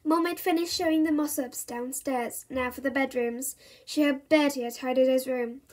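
A woman reading a children's chapter book aloud with expressive, playful narration. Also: high-pitched, normal speed. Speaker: reader.

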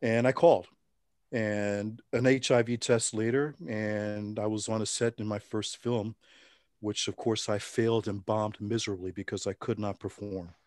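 Low-voiced man telling wry stories. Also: normal speed, no room sound, studio quality. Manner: relaxed, wry anecdotes with restarts. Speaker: interview guest. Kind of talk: casual storytelling interview.

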